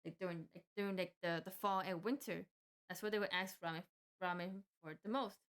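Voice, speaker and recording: A woman's voice: fairly low pitch, fairly even intonation, brisk, smooth. A young woman telling a work story casually, with rambling restarts and frequent fillers. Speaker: vlogger.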